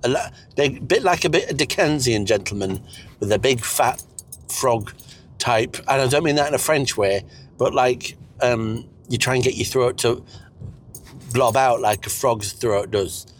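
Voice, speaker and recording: A man's voice: mid-range voice, a little slow, slight background noise, lightly acted. A man voicing an elderly, foul-mouthed, bossy wife who nags and mocks in a crude, sarcastic way. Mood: nagging.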